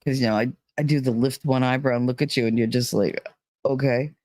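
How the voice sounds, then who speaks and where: A woman's voice: rumbling low, fairly even intonation, fast talker, darkish tone, dry recording, clean studio sound. A woman hosting her own channel, retelling a dream in a rambling, candid way with lots of filler words and the odd swear. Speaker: channel host. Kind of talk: casual monologue retelling a dream.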